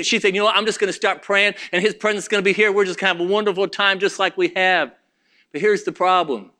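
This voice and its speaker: A man's voice: on the high side, bright, forceful tone. A man preaching a sermon to his church, with rising emphasis and frequent restarts. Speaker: pastor.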